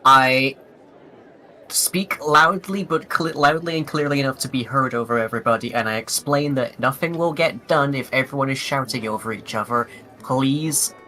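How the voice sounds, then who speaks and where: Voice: mid-range voice, pushed and bright. A player in a tabletop game, easygoing and often laughing. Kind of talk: casual tabletop play.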